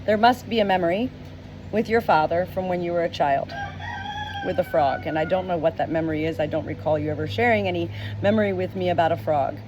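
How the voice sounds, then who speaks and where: A middle-aged woman speaking as a spiritual medium, slow and emotional, often repeating words, tearful at times. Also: on the low side, lo-fi sound. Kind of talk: channeled message video. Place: outdoors with roosters nearby. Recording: roosters and outdoor noise behind.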